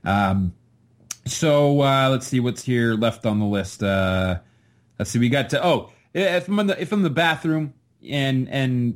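A young man co-hosting a podcast, listing pet peeves in a sardonic, swearing casual rant full of fillers. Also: medium pitch. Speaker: podcast co-host. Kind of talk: casual ranting podcast chat.

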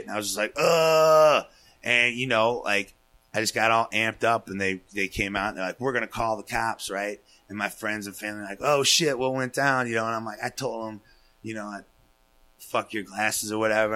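A man casually telling a long story on a podcast, swearing freely and acting out what people said. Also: lowish voice. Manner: profane, animated, acts out quotes. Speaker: guest storyteller.

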